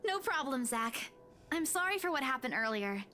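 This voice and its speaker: A woman voicing a cheerful young female friend while reading game dialogue aloud, calling out in a lively way. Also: sits high, moderate pace, faint music behind, voice pushed up, heavily acted. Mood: friendly.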